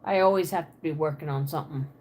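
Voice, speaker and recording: This Pennsylvania woman talks quickly in a low, warm voice, with a slight hiss or hum in the audio. Her accent blends Pennsylvania Dutch with a Southern twang as she livestreams from her apartment, casually reading out and replying to viewer comments.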